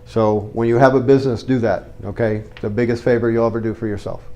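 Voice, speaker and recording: A man's voice: medium pitch, steady tone, fast talker, dark tone. A middle-aged man with a cold, telling a story to a live audience in an earnest, conversational way. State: has a cold. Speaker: real estate investor giving a talk.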